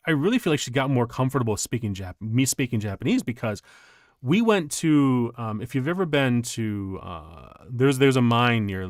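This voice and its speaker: A male streamer telling stories in casual chat while playing a game, rambling and animated, laughing often. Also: mid-range voice, dry recording, studio quality.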